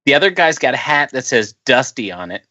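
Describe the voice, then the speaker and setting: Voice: mid-range voice, big pitch swings, fairly quick, sharp tone, lo-fi sound. A podcast co-host reviewing a movie in casual, profane chat, often sounding incredulous.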